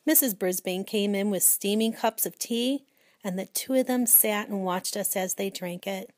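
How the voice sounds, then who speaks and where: A woman narrating a children's storybook aloud in a clear, steady reading voice. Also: medium pitch, normal speed, no echo, studio quality. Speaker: audiobook reader.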